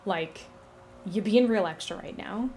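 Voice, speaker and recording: A woman's voice: medium pitch, measured pace, a little mellow, soft background music, natural voice. A woman voices a bossy king of the gods who is bored by everyone's problems. He swears casually and waves every complaint away. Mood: dismissive. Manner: offhand, profane, dismissive.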